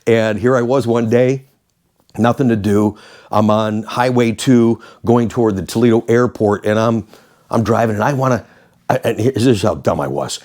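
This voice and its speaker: Rambling storytelling man in his sixties. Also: mid-range voice. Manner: rambling, animated anecdotes with fillers. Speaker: host, former radio DJ. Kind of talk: casual storytelling.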